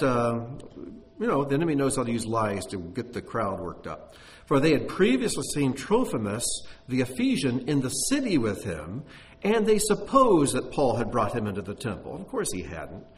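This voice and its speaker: A man teaching a sermon who reads scripture aloud expressively and then explains it in plain, conversational commentary. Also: mid-range voice. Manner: expressive reading, breaks off into plain-spoken commentary. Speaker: Bible teacher.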